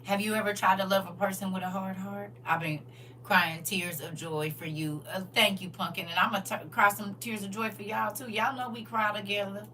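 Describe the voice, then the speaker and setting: A woman hosting a livestream, chatting casually with her viewers in a churchy, testifying tone, expressive and laughing often. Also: medium pitch, moderate pace, distant mic, slight background noise. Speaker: livestream host reading viewer comments.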